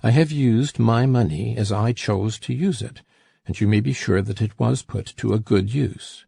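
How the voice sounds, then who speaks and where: A man's voice: fairly low pitch, normal speed, vocal fry, dark tone, slightly rough, no echo, studio quality, heavily acted. A man putting on a defiant young woman. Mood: firm. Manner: firm and cold. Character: young woman of twenty-three, quietly defiant. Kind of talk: audiobook character reading.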